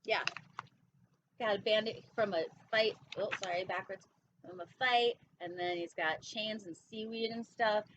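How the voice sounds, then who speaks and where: A woman's voice: medium pitch, animated, normal speed, fairly bright tone. A young woman hosting storytime, reading a children's picture book aloud with playful, chatty asides. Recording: dull lo-fi sound with faint noise.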